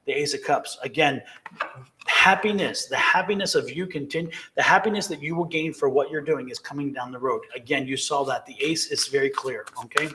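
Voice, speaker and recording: A man's voice: a little high, a little fast, bright, forceful tone, slight background noise. A man giving live-streamed tarot readings, emphatic and encouraging, repeating key phrases to viewers. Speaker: tarot reader.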